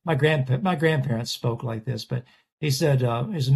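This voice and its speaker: A man's voice: mid-range voice, moderate pace, creaky, darkish tone, breathy edge. Rambling, talkative man telling stories. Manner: rambling, self-correcting storyteller. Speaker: portrait artist guest. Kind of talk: casual conversational interview.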